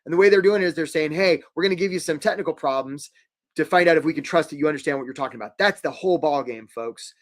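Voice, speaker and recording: A man hosting a live career webinar, energetic and jokey, acting out quick little quoted voices. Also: on the high side.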